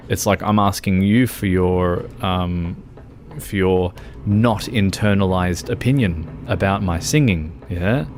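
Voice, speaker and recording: A man's voice: on the low side, darkish tone, a little hiss or hum. A man streaming a game who chats casually, rambles and laughs often.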